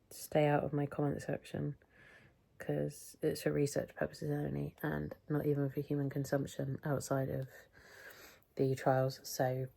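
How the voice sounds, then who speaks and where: A woman's voice: a bass voice, gravelly, warm tone. A middle-aged British woman talking through a casual weekly health update vlog, rambling and chatty, often interrupting herself. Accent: British English. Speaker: vlogger.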